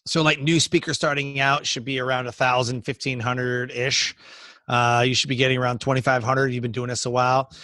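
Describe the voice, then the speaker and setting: Energetic male speaking coach, bright forceful tone, close dry sound, casual interview. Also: mid-range voice, fairly quick, no room sound. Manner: energetic, storytelling, acts out quoted dialogue.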